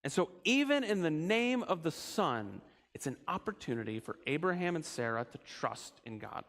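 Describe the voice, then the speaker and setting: A man's voice: on the high side, sing-song, moderate pace, fairly bright tone. A man leading a church Bible study in a conversational way, often asking the group questions.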